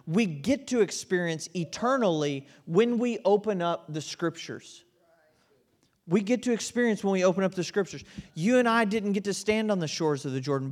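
A man's voice: high voice, a little mellow. A man preaching a sermon in an auditorium, in a conversational style with frequent "right?" asides. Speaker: pastor.

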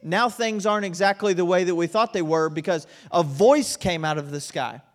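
A man's voice: sits high, normal speed. A man preaching a sermon in an auditorium, in a conversational style with frequent "right?" asides. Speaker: pastor.

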